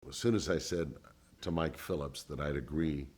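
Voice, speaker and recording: An older man who once worked as a radio DJ tells stories in an oral history interview. His voice is extremely low and a bit breathy, at a moderate pace. He's an animated narrator who performs the voices of the people he quotes.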